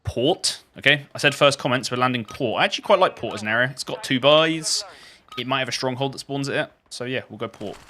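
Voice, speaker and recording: A man's voice: medium pitch, fairly quick, bright, forceful tone. A man live-streaming a shooter game, chatting loosely to his viewers with lots of restarts. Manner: rambling and chatty, many restarts. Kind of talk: live-stream gaming commentary.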